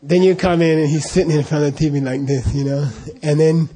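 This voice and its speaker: Laughing, animated man telling a story. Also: on the high side, brisk. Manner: animated, laughing often, acting out dialogue. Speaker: storyteller recalling monastery life. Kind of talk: casual anecdote.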